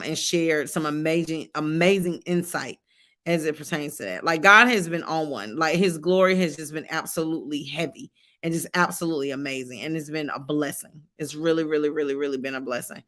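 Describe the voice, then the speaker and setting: A woman's voice: low voice, normal speed, pushed and bright. A woman hosting a devotional livestream. She greets viewers by name, repeats her phrases and preaches with fervor. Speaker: host of a faith livestream.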